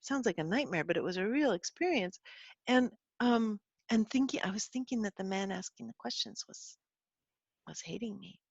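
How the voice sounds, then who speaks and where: A woman as a guest expert in an interview, explaining and telling a personal story in an earnest, animated way. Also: medium pitch, normal speed, creaky, slightly rough, dry recording, muffled recording.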